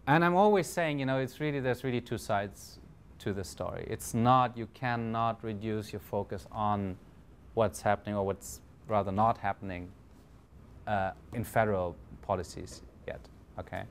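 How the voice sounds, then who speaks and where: A man's voice: on the low side, normal speed, a little hiss or hum. A man with a German accent giving a conference talk, hesitant, with many fillers and restarts. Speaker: panel speaker.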